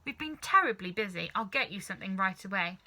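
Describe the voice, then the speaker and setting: A flustered storybook mother who apologises and pleads in a hurry, as a woman reader puts her on. Her voice is bright and a touch raised when she protests. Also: medium pitch, expressive, fast. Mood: apologetic.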